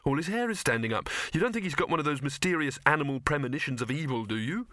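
A man's voice: a little high, expressive, fast talker, pushed and bright, no echo, clean studio sound, voice pushed up. A man doing a nervous, earnest young man. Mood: uneasy.

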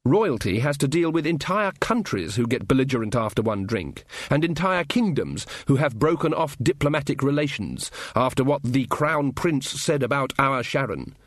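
A man's voice: medium pitch, sing-song, moderate pace, hardly any pauses, no echo. A man narrating an audiobook with a dry, wry storytelling manner. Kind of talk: scripted narration.

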